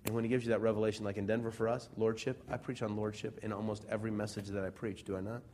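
A man from Central Illinois preaching a sermon in a church. He talks conversationally, asks his congregation a lot of rhetorical questions, and swings between loud emphasis and soft asides. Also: lowish voice, level tone, very fast, a little hiss or hum. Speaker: pastor.

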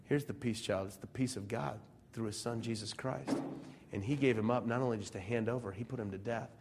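A man from Central Illinois preaching a sermon in a church. He talks conversationally, asks his congregation a lot of rhetorical questions, and swings between loud emphasis and soft asides. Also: on the low side, fairly quick, background noise. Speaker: pastor.

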